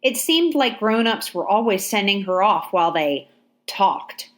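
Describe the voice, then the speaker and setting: A woman narrating an audiobook at a mid pitch, calm and measured. Her delivery is steady, with clear storytelling pacing.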